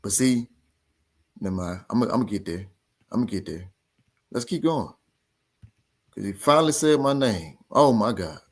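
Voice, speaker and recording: A man's voice: fairly low pitch, moderate pace, pauses often, slightly rough. A man hosting a boxing talk show, ranting in a heated, casual way and repeating his points with emphasis. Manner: animated, repetitive, argumentative.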